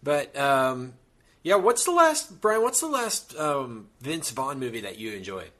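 A man's voice: medium pitch, very animated, a little slow, a bit bright. A man hosting a casual movie chat podcast, laid-back and asking the others questions.

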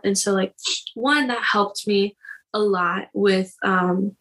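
A woman's voice: medium pitch, fairly even intonation, slow pace, fairly bright tone, low-quality recording. A young woman from Iowa telling her story as an interview guest, talking candidly and leaning constantly on "like" and "you know.". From Iowa, United States. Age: young adult. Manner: chatty, heavy use of "like" and "you know". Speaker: guest, college wrestler.

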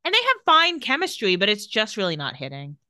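Bright-voiced woman recapping a show. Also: mid-range voice, brisk, dry recording, studio quality. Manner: retells scenes, quoting lines in lively bursts. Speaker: podcast co-host. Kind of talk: casual recap chat.

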